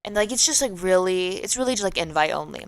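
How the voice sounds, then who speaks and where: A young adult woman hosting her show, telling a story in a chatty, animated way full of fillers. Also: on the low side, fast, no room sound. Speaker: podcast host. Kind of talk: casual storytelling.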